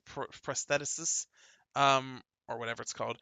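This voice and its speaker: A man's voice: fairly high pitch, expressive, normal speed, bright, forceful tone, clear, resonant tone, no room sound. A man hosting a casual gaming podcast, chatting and laughing as he reads out news items. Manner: chatty, laughs often, many fillers. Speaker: podcast host.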